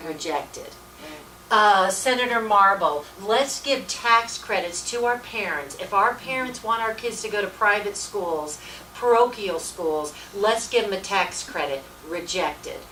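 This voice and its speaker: A woman volunteer gives an informal political presentation in a meeting room, punchy, folksy, and emphatic, repeating "let me tell you." Her medium-pitched, sharp-toned voice is a little slow. The distant mic catches an echoey room and faint hiss.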